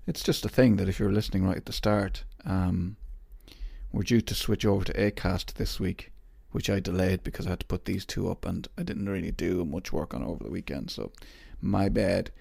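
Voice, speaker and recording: A man's voice: deep voice, normal speed, vocal fry, darkish tone, husky, dry recording. A man hosting his podcast in a rambling, self-mocking casual chat. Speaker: podcast host.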